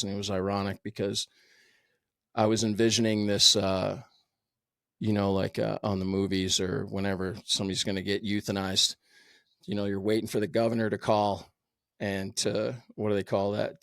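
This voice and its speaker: A middle-aged man with a rough, fry-laden voice that sits on the low side tells his own story as a podcast guest. He speaks bluntly and swears freely, with lots of "uh"s along the way. The sound is dry, with no room around it. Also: level tone, moderate pace, dry recording. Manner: blunt, profane, filler-heavy. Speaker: podcast guest, firefighter captain. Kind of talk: candid personal storytelling.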